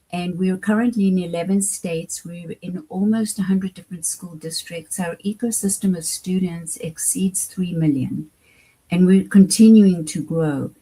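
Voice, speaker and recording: A woman with a South African accent, a guest in an interview, answering in a measured, articulate and deliberate way. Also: on the low side, warm tone, breathy edge, rough recording. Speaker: guest, education program founder.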